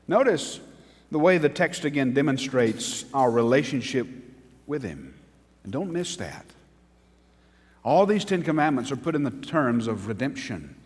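Animated preacher man in a reverberant hall. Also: mid-range voice. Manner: dramatic pauses and swings in volume, building to emphatic peaks; speaks directly to the congregation, asking them to repeat words. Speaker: pastor. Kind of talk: sermon. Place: church sanctuary. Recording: long reverb from a large hall.

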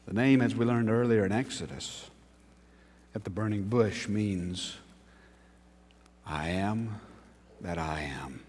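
A man preaching a sermon as pastor, with dramatic pauses, sudden swings in volume and emphatic peaks, speaking straight to his congregation. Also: on the low side, darkish tone. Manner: speaks directly to the congregation, asking them to repeat words. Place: church sanctuary. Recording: long reverb from a large hall.

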